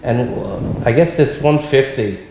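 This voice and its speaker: Halting man in an echoey room. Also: medium pitch, background noise. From Labrador, Canada. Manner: halting, with fillers and repeated words. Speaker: interviewee. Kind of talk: reflective personal remarks.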